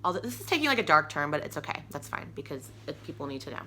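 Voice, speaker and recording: A woman's voice: deep voice, sing-song, racing, pushed and bright, a little hiss or hum. A young woman telling a personal story to camera in a chatty, rambling way, full of "like" and restarts. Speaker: vlogger.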